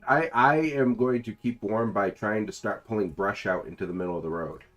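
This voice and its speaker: A man playing a tabletop game, speaking in a calm, plain-spoken way. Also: on the low side, moderate pace, lo-fi sound, faint music behind. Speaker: player. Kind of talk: casual tabletop play.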